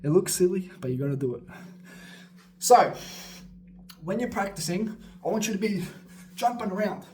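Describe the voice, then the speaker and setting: A man coaches beatboxers in a casual, rambling way that's energetic and full of swearing and laughing asides, sometimes jumping around as he talks. His voice is high, his pace moderate with long pauses. Slight background noise is present.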